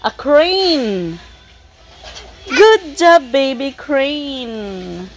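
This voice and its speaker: A young woman playfully teaching her toddler animal names, praising slowly and imitating animal sounds at home. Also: fairly high pitch, big pitch swings, fairly bright tone. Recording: noisy home recording.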